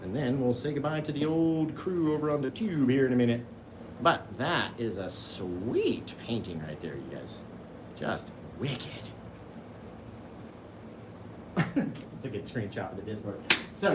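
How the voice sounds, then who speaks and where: A cheerful man in his forties runs a live painting stream, gushing over viewers' title ideas. His slightly high voice bounces around a lot. The room is echoey, with a steady hiss of background noise. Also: far from the mic. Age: 40s. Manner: enthusiastic and playful, joking and gushing. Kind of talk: live-streamed painting lesson, reading chat aloud. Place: painting studio.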